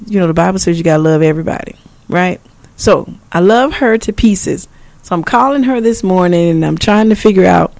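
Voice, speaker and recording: A woman in her fifties, a pastor and preschool teacher, telling a story in an animated, chatty way, often repeating herself and laughing. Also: fairly low pitch, no room sound. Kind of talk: casual storytelling to camera.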